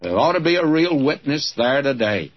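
A man's voice: mid-range voice, big pitch swings, normal speed, dull audio. A man with a Southern American accent preaching a radio Bible sermon, fervent and exclamatory, calling his listeners friends.

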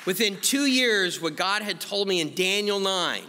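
A man, a pastor, telling his testimony in an animated way, acting out his own past words. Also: sits high, a little slow, in a large hall, a crowd in the background, background noise. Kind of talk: testimony sermon.

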